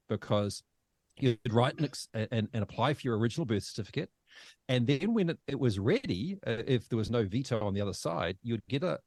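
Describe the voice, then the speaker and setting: A New Zealand man in his fifties, a podcast guest telling his own story in a halting, emotional way with many restarts. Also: fairly low pitch, a little mellow, dry recording. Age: 50s. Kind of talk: personal storytelling.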